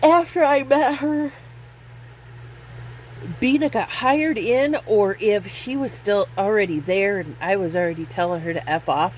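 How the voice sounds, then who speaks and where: A woman in her fifties drifts through memories at an unhurried pace, laughing at herself as she loses count. The tone is casual and self-deprecating, and a faint background hum sits under her voice. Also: medium pitch, a little mellow, rough recording. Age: 50s. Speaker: vlogger. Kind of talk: casual storytelling vlog.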